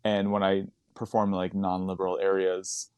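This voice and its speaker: A man's voice: low-pitched, completely flat delivery, normal speed, a little mellow, clear, resonant tone, no room sound. A man, a stand-up comedian chatting as a podcast guest, rambling into tangents and laughing often. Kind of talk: casual podcast chat.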